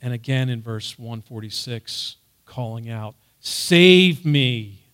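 A man's voice: medium pitch, little pitch movement, unhurried. A man teaching a Bible passage in an earnest sermon style, raising his voice on the quoted words. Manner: earnest, loud on emphasized quotes.

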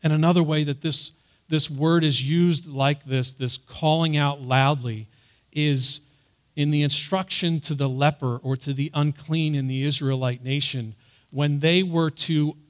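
A man's voice: on the high side, fairly even intonation, measured pace. A man teaching a Bible passage in an earnest sermon style, raising his voice on the quoted words. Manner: earnest, loud on emphasized quotes.

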